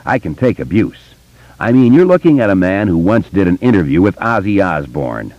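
A man's voice: low voice, sing-song, normal speed, dry recording, highs cut off. A man voicing a brash, wisecracking adult friend who slips into a mock Irish brogue. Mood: needling.

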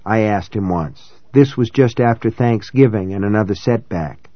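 A man's voice: fairly low pitch, moderate pace, dry recording. Reflective male audiobook narrator. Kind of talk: first-person novel narration. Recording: dry, slightly dull audiobook recording.

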